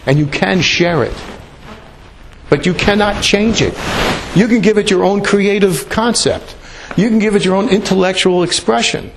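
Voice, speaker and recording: Male pastor, fairly high voice, relaxed rambling sermon, faint noise behind. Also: moderate pace, vocal fry. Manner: conversational, rambling with asides and repeats. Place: church.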